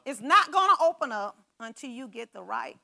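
A woman preaching a sermon in a conversational, animated way, talking straight to the congregation with asides and stories. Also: high voice, moderate pace, vocal fry.

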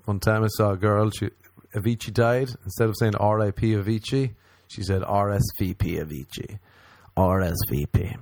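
A man's voice: lowish voice, steady tone, normal speed, darkish tone, no echo. A man doing a profane stand-up rant, mocking and slipping into exaggerated voices. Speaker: comedian.

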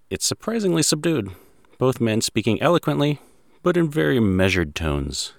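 A man's voice: sits low, no room sound, clean studio sound. A man hosting a podcast, narrating a story in a wry, conversational way. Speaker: podcast host.

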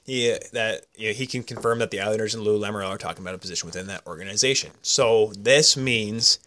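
A man's voice: fairly low pitch, quick pace, bright, forceful tone. A man co-hosting a casual podcast, rambling through goofy stories and sports talk. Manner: rambling, goofy, self-interrupting storyteller. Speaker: podcast co-host.

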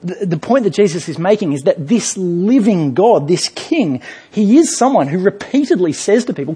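A man preaching a sermon in a church, telling a story with lively rhetorical questions. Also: high voice, normal speed, husky. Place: church hall.

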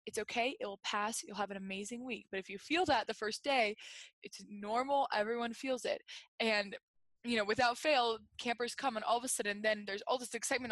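A woman's voice: on the high side, fairly bright tone, no echo. A young woman who leads staff at a camp, talking earnestly in casual conversation with lots of fillers. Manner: earnest, quick, filler-heavy talk.

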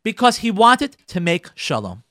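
A man giving a radio Torah talk, retelling a biblical story with dramatic emphasis and calling his listeners "ladies and gentlemen". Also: high voice, wildly swooping pitch, normal speed, no echo, clean studio sound. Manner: repeats and restarts phrases for emphasis.

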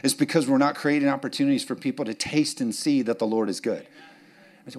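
A man's voice: medium pitch, fast. A man, preaching a sermon as pastor, joking and chatty, then rising to fervent urging.

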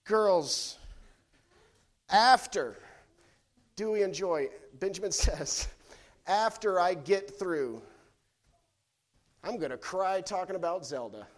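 A man with a high voice delivers a sermon at an unhurried, deliberate pace. He is a pastor in his thirties who tells a lighthearted story, acts out the quotes, and then builds to fervent preaching. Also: lively intonation.

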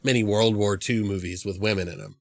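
A man's voice: fairly low pitch, steady tone, brisk, creaky, no room sound. A man co-hosting a podcast, chatting casually about a movie in a rambling, profane way. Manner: rambling, profane, retells scenes in funny voices. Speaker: podcast co-host. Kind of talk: casual movie review chat.

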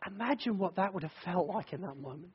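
High-voiced man preaching a dramatic sermon. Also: expressive, fast talker, husky, long reverb tail, highs cut off. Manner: dramatic storytelling that swells from hushed to loud, repeated triple phrases.

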